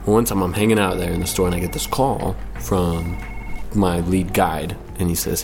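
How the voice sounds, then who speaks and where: A young man in his late twenties tells a personal story in a deep, low voice. He talks in a laid-back, rambling way, pausing and correcting himself mid-sentence. Faint music sits under him. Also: fairly even intonation, vocal fry. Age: 20s. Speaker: storyteller guest.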